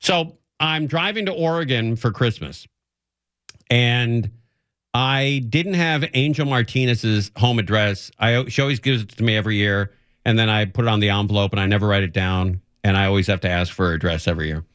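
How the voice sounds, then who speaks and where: A man's voice: fairly low pitch, moderate pace, a bit bright, smooth, no echo. A man hosting a radio show, telling a rambling, self-mocking story in casual chat and laughing often.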